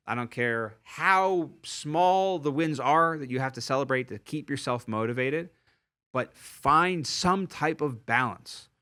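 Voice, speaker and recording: Emphatic male podcast host, bright tone, motivational sales pep talk. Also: medium pitch. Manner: energetic, emphatic, repeats key phrases for emphasis.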